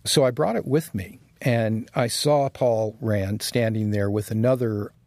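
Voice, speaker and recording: A man's voice: on the low side, steady tone, unhurried, darkish tone, dry recording. A man being interviewed as a designer, talking casually and reflectively and chuckling as he tells anecdotes. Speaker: guest designer.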